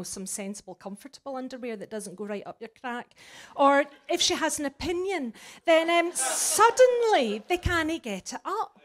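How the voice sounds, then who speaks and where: A Scottish woman performing a sweary, flippant stand-up comedy set live before an audience. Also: high-pitched. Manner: brash, sweary and flippant, with big swings in loudness.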